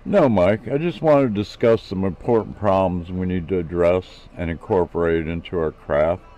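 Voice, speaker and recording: A man's voice: sits low, moderate pace, lo-fi sound, close to an everyday voice. A man putting on a chatty Australian inventor. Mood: jovial. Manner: Aussie slang, explaining at length.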